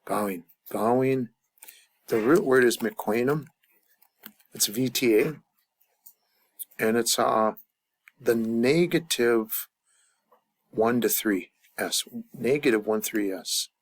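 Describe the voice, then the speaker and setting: A man's voice: mid-range voice, slow pace, pauses often. A man teaching a grammar lesson at a chart, thinking aloud with many fillers and restarts. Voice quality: gravelly. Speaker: language teacher.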